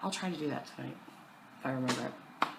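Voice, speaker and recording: A woman's voice: extremely low pitch, fast talker, creaky, background noise. A young woman chatting casually at home to her camera about her cross-stitch plans, self-deprecating and full of fillers.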